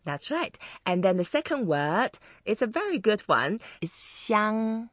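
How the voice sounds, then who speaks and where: A woman's voice: medium pitch, sing-song, no echo. Dry, dull-sounding woman hosting a Chinese lesson. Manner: slows down and stretches words to model tones. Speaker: host teaching Chinese words. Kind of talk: friendly interview and language lesson.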